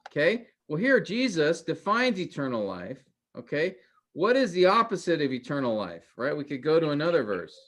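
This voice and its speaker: Male instructor, slightly high voice, chatty lecture style, keeps questioning the class. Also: sing-song, normal speed, fairly bright tone. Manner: conversational, quizzes students with questions. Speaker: teacher.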